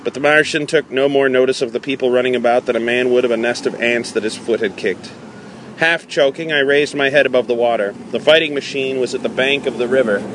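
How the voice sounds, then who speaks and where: A man reads a novel aloud at a measured pace, now and then stumbling and restarting a phrase. His voice sits at an ordinary middle pitch. Faint traffic and street sounds linger in the background. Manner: measured, with small slips and restarts. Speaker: audiobook reader.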